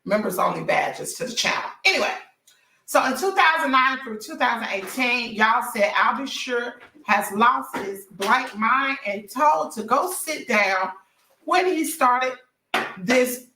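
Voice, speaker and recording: Hoarse chatty woman livestreaming gossip. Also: fairly high pitch, lively intonation, measured pace, sharp tone, roomy sound, recorded from a distance, a little hiss or hum. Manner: chatty, addresses viewers directly as y'all. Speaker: celebrity gossip livestream host. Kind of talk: casual livestream chat.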